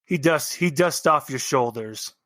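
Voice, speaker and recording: A man's voice: medium pitch, a little slow, a bit bright, no room sound. A man narrating as game master in a tabletop role-playing game, describing action plainly.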